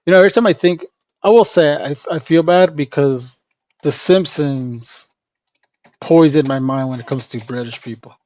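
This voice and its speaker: A man's voice: fairly high pitch, moderate pace, darkish tone. A man hosting a casual livestream chat, rambling and often restarting his sentences. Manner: rambling, with frequent restarts and fillers. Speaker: livestream host.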